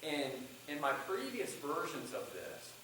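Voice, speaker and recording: A man's voice: fairly high pitch, wildly swooping pitch, unhurried, sharp tone, a little hiss or hum. A man giving a college class on public speaking, who acts out lines from his own speech as he breaks it down. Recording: echoey classroom from far off.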